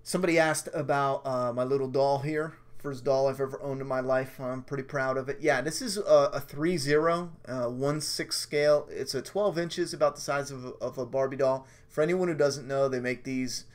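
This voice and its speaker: A man's voice: mid-range voice, steady tone, normal speed, hardly any pauses. A man hosting a casual live stream review, rambling, cursing freely and poking fun at himself. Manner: rambling, profane and self-mocking. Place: at home during a storm.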